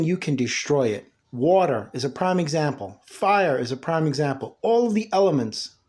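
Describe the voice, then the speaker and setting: A man's voice: on the high side, darkish tone. A man giving a blunt, scolding motivational monologue, talking down excuses and self-pity. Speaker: motivational speaker.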